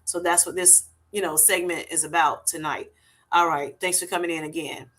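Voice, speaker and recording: Bright-voiced woman hosting a casual livestream. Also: on the low side, fairly even intonation, normal speed. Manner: chatty, lots of fillers like "you know" and "y'all". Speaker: livestream host. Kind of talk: casual livestream chat, reading viewer comments aloud.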